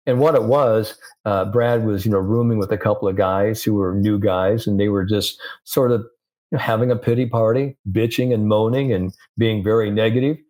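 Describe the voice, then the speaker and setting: Older man, low voice, chatty interview guest, lots of fillers, lively storyteller. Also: normal speed. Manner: animated storyteller, many "you know" fillers, laughs often. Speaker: sports psychologist guest.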